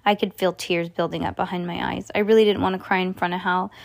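A woman reading a children's novel aloud in the first person, pausing to explain bits to a listener. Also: fairly low pitch, creaky, dry recording. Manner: expressive, stops to explain to a listener. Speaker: storyteller.

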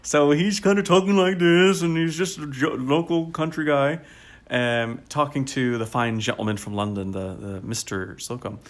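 A man co-hosting a podcast in casual chat, animated and enthusiastic, laughing often and using a lot of fillers. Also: medium pitch, normal speed. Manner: frequent fillers such as "like". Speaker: podcast co-host.

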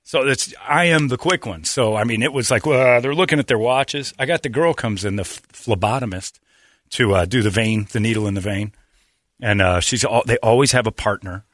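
A man chatting casually on a podcast, telling animated stories and acting out the dialogue. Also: mid-range voice, fairly quick. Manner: animated storyteller who acts out dialogue. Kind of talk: casual storytelling chat.

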